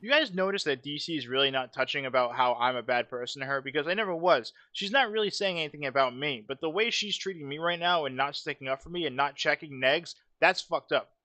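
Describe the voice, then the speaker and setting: A man's voice: fairly high pitch, fast talker, hardly any pauses, bright, forceful tone. Blunt, profane male streamer. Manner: blunt, profane, repeats himself. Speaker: livestream host. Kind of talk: casual livestream commentary.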